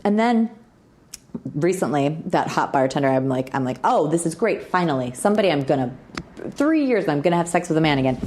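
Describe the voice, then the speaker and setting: A middle-aged woman, a podcast guest, telling frank and playfully crude stories in an animated way and jumping into the voices of the people she quotes. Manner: lively, acts out quoted people with big pitch jumps. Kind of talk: animated storytelling in a podcast interview.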